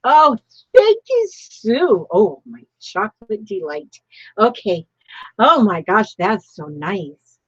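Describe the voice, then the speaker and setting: A woman's voice: medium pitch, animated, slow pace, breathy edge, lo-fi sound. An older woman chatting casually while opening happy mail, gushing and exclaiming often. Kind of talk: casual live-stream chat.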